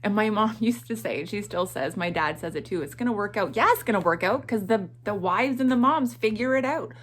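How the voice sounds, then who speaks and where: A woman's voice: mid-range voice, a little fast. Chatty middle-aged woman vlogger. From Atlantic Canada. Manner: animated and chatty, with frequent laughs and self-talk asides. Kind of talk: chatty morning vlog.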